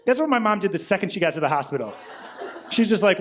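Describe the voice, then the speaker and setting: A young man doing a stand-up comedy set in a club, telling stories deadpan and acting out the other people with quick voice shifts. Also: sits high. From Rockford, Illinois. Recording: live club recording with audience noise. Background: audience laughter.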